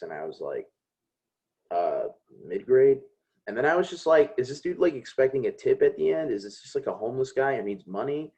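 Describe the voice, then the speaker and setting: A man's voice: medium pitch, darkish tone, dull audio. A young man from Chicago, a comedian guest, telling laid-back, self-deprecating stories in casual chat. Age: young adult.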